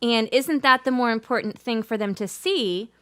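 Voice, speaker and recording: A woman singer-songwriter chatting between songs on a livestream, chatty and quick to laugh. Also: fairly high pitch, fairly bright tone. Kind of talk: casual chat between songs.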